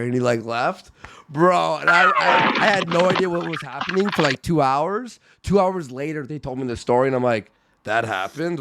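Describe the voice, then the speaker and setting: Young male host, gravelly, excitable storyteller with lots of swearing, dry close sound. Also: fairly high pitch, moderate pace, dry recording. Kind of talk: casual late-night chat.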